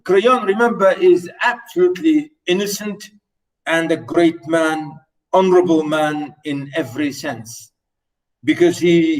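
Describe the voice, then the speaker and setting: A man's voice: fairly high pitch, distant mic, rough recording. A man teaching a play, hesitant, with many fillers, repeating and rewording phrases as he explains. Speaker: literature teacher.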